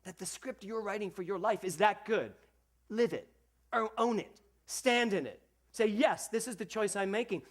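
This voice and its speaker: A man preaching a sermon to a congregation, animated, acting out the voices he quotes and speaking directly to his listeners. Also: high voice, moderate pace. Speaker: minister.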